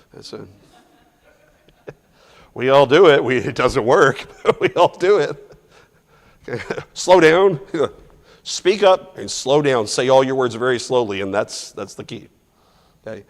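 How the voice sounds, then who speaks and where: A man teaching a Bible class verse by verse in a loose, conversational way, restarting phrases and putting questions to the class. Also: medium pitch. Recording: long reverb from a large hall.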